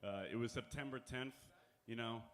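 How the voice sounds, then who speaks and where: A man performing a stand-up set in a casual, deadpan way with dark humor. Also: mid-range voice, normal speed, slight background noise. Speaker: stand-up comedian.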